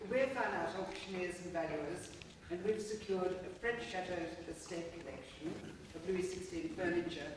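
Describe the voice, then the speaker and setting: A woman at an auction putting a detailed question to the auctioneer, polite and a little hesitant. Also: on the low side. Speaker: bidder asking a question. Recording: roomy, far-off mic in a hall with background noise.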